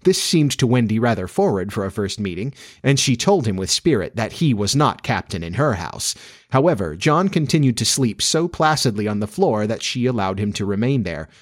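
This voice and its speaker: A man narrating a classic children's storybook aloud with expressive delivery. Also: fairly low pitch, moderate pace. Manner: lively, expressive. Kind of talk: storybook reading.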